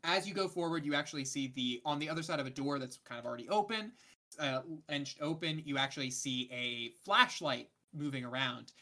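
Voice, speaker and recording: A game master narrates a tabletop role-playing scene in a casual, quick way, full of fillers. The tone is bright and forward. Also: mid-range voice.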